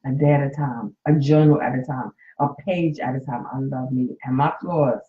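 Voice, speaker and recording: A woman's voice: a bass voice, fairly even intonation, normal speed. Woman, late fifties, coach and nurse talking openly to viewers on her phone; roomy, slightly muffled sound. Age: 50s. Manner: candid and emotional, speaks to viewers directly. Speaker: coach and nurse hosting a live stream. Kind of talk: casual live-stream talk.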